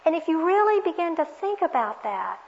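A woman's voice: extremely high pitch, big pitch swings, brisk. A woman preacher giving a sermon in an earnest, reflective, questioning way. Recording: dull lo-fi recording.

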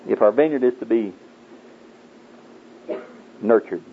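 A man's voice: slow pace, gravelly, slight background noise. A man preaching a sermon in a folksy storytelling way, acting out the people in his stories. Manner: folksy storytelling, acting out voices in raised pitch. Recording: tinny phone-like old tape.

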